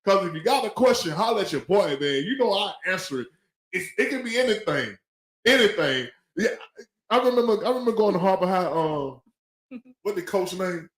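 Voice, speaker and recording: Male co-host, high voice, casual slangy live-stream talk, echoey room sound. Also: expressive, a little fast, a bit bright. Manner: loose, slangy, repeats phrases while talking.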